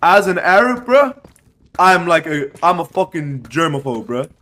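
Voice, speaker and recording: A man with a voice on the high side, talking a little slowly, shares a wild story with friends on a livestream. The telling is casual and animated, full of swearing and frequent "bro" and "right."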